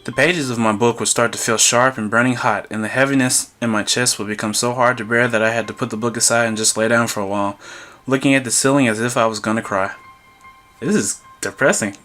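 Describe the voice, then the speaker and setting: A man with a mid-range, sharp-toned voice reads a visual novel aloud for a gaming video. Between lines he chuckles and breaks off for jokey asides.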